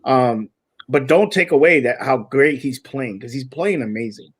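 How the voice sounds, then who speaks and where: A man's voice: medium pitch, moderate pace, husky. A young man co-hosting a casual podcast, talking eagerly and rambling with lots of restarts. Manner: excited, rambling with many restarts. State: chewing food. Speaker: podcast co-host. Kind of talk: casual chat.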